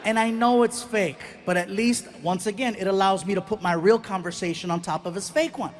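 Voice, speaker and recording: A middle-aged man telling stand-up stories, animated and acting out voices and sounds. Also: high-pitched, a little fast. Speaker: stand-up comedian. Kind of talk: stand-up storytelling.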